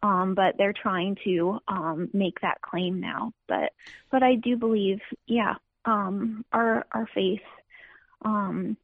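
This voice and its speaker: A woman answering as an interview guest, pausing often and restarting her sentences. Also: medium pitch, fairly even intonation, gravelly, husky, dry recording. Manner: hesitant, many ums and restarts. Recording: tinny phone line, dry.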